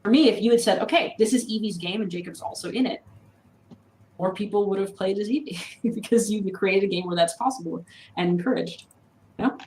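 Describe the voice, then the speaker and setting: A woman's voice: medium pitch, brisk, darkish tone, slight background noise, low-quality recording. A woman on a panel discussion who talks thoughtfully and reasons step by step, with frequent "you know"s.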